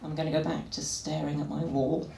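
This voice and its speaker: A woman's voice: low voice, little pitch movement, fairly quick, gravelly, distant mic, voice pushed down. A woman voicing a fussy, aloof female pet cat who talks in a haughty, demanding way during a stand-up set. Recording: echoey room with live crowd noise.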